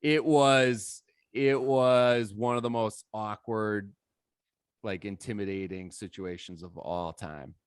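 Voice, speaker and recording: A man telling a story on a podcast with lively quoted dialogue and frequent swearing. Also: on the low side, takes it slowly, clear, resonant tone, dry recording, studio quality. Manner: animated, acts out quotes, swears freely. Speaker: DJ guest. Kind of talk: casual storytelling.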